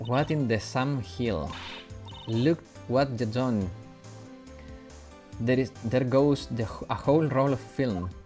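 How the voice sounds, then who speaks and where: A man voicing a brash young Southern woman photographer, reading the game lines slowly in a put-on drawl. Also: mid-range voice, warm tone, faint music behind, close to an everyday voice. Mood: scolding. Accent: American Southern drawl, put on. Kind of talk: reading game dialogue aloud.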